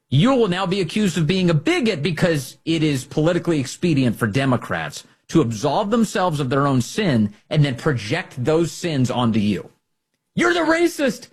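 Guy doing a heated political rant, kinda husky, voice jumps all over, sarcastic. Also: mid-range voice, a little mellow. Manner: sarcastic, emphatic, with mocking quoted voices. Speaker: political commentary host. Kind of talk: opinion monologue.

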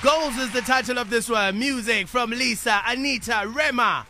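A man's voice: very high-pitched, normal speed, music in the background. A man hosting a radio show, teasing his guests with slang and frequent laughter. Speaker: radio host. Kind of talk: playful radio banter.

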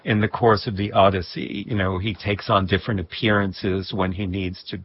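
A man recalling personal memories in a reflective interview, with a husky voice and soft laughs. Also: low voice, little pitch movement, normal speed, no echo, highs cut off. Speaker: guest. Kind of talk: reflective storytelling.

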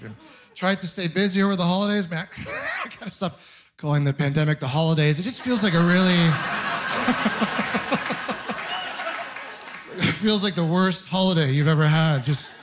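A young man doing a stand-up comedy set, telling self-mocking stories in a loose, chatty way with frequent laughs. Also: fairly high pitch. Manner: conversational, self-deprecating storytelling with laughs. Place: live comedy venue with audience.

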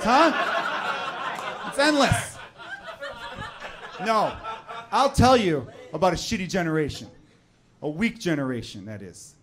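A man doing a stand-up comedy set, riffing in sardonic, rapid rants. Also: high-pitched. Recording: noisy live club recording.

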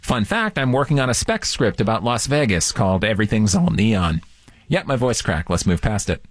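A man hosting his own show, talking playfully about music psychology with quick asides. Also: on the low side, expressive, dry recording. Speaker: host.

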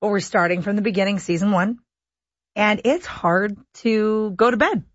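A woman's voice: mid-range voice, moderate pace, no echo. Playful female radio host. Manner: playful, joking, self-teasing. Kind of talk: casual radio chat. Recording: dull, dry studio radio sound.

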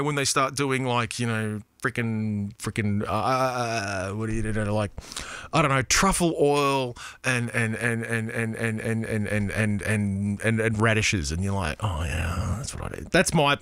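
A bright, forward-sounding Australian man hosts a radio show from a studio. He reads listener texts in a loose, rambling, self-deprecating way, full of "uh"s and restarts. The sound is dry and close on a studio mic. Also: mid-range voice, no echo. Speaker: radio host. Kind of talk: casual radio chat reading listener texts.

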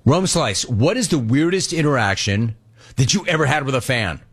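Sports radio host answering listener mail. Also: male voice, mid-range voice, animated, normal speed, breathy edge. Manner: storytelling, mimics people in anecdotes. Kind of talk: casual listener Q&A.

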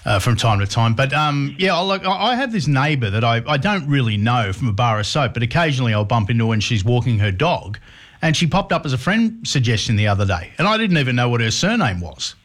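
A man's voice: medium pitch, big pitch swings, fast talker, fairly bright tone. Middle-aged male radio host, casual and wry, trips over his words a bit. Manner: chatty, hesitant restarts, wry asides.

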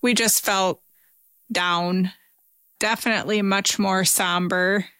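A woman from Minnesota, a former student, retelling a memory in an interview in a casual, animated way. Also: mid-range voice, slow pace, clean tone, dry recording, clean studio sound. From Minnesota, USA. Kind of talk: interview recollection.

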